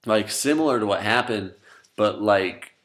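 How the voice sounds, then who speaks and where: A man's voice: on the low side, unhurried, a bit bright. A young man chatting with friends, telling long, rambling stories full of swearing and laughter. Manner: rambling storyteller, swears freely, laughs often. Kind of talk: casual chat among friends.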